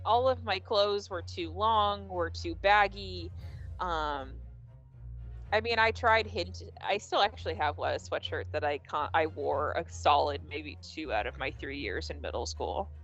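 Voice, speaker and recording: A woman's voice: fairly low pitch, unhurried, a bit bright. Woman stream host, chatty and rambling, faint music under a slightly muffled mic. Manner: rambling, many restarts and fillers, laughs easily. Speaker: stream host reading would-you-rather cards. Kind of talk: casual group chat on a livestream.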